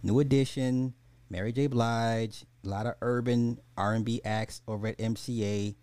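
A man's voice: medium pitch, steady tone, moderate pace, darkish tone, smooth, dry recording. A man hosting a podcast, giving blunt, exasperated casual commentary, often restarting his sentences. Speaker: podcast host.

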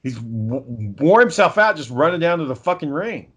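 A man's voice: fairly high pitch, very animated, normal speed, husky. A man in casual podcast chat, telling a long story with plenty of swearing, fillers and restarts. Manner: rambling profane storytelling with many fillers.

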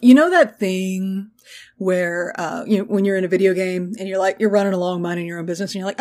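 Woman co-host, casual podcast banter, quick jokes, frequent laughter. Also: mid-range voice, darkish tone. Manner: laughs often, quick and joking. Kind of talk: casual chat.

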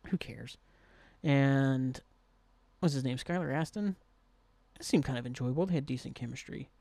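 A man's voice: fairly high pitch, no room sound. A man hosting a solo podcast, rambling in casual chat with lots of "like" and easy swearing, recorded at his home desk. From Southern Ohio. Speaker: podcast host.

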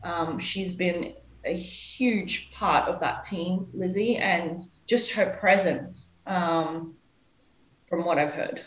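Low-voiced woman in a roomy echo. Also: slow, slight background noise. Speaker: podcast co-host, former pro cyclist. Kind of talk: casual podcast chat.

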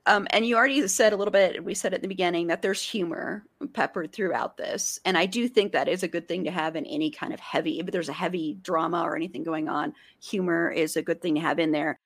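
A woman hosting a casual interview, agreeable and quick to laugh. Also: lowish voice, fairly even intonation. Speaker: interviewer host.

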